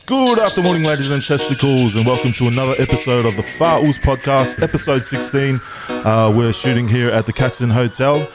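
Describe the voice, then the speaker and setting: A man hosts a podcast in a teasing, cheeky tone, his voice sitting at an ordinary middle pitch. He ribs his guests in casual banter from a hotel room. Hip hop music plays clearly beneath him in the mix. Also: steady tone, brisk, hardly any pauses. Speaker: podcast host. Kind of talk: joking casual podcast chat.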